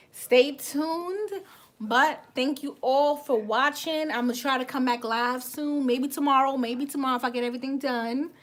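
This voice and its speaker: High-voiced chatty woman, livestream vlogger. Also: a little hiss or hum. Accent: West Indian. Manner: chatty, reads out and thanks viewers, restarts words. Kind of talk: casual livestream chat.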